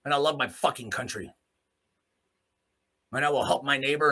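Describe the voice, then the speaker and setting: A man from Alberta, Canada, hosting a podcast and delivering an angry, profane rant, swinging between low muttering and shouting. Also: lively intonation, normal speed, long pauses. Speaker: host. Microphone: podcast mic in a small room.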